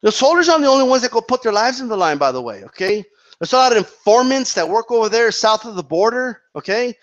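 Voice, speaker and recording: Guy with a highish voice ranting on his channel, keeps saying right? okay?, muffled lo-fi audio. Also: sing-song, fast. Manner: heated, repetitive, peppers with "right?" and "okay?". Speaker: boxing commentary channel host. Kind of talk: opinionated commentary monologue.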